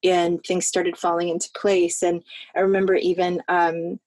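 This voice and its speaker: A woman's voice: on the low side, little pitch movement, moderate pace, darkish tone, no echo. A woman from Florida, an actress talking in a casual interview, earnest and rambling, often restarting her sentences. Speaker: actress guest.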